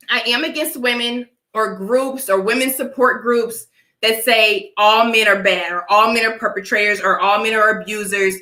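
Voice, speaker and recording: A woman's voice: a little high, sharp tone, reverberant, poor audio. A young adult woman with a dry cough from allergies, preaching her opinions to live chat and often asking "all right?". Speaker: vlogger talking to live chat. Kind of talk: casual opinion livestream.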